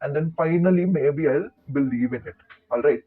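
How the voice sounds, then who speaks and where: A man talks to camera in his own vlog, chatty and wandering off into playful asides. His voice sits a little high for a man. It comes through thin and tinny, like a phone call. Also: moderate pace, husky. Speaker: channel host. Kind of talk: casual talking-to-camera vlog.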